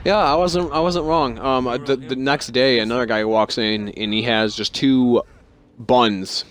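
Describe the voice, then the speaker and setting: A young man telling work stories in a casual vlog, rambling and sarcastic, swearing constantly and acting out other people with sudden jumps in pitch. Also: fairly even intonation, a little slow, a bit bright. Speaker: vlogger.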